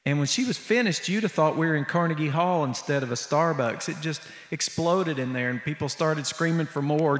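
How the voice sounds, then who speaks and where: A man's voice: on the high side, fairly bright tone. A man preaching in a church, telling a story in a conversational, vivid way. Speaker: preacher and musician. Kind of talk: storytelling sermon. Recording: echoey hall, long reverb.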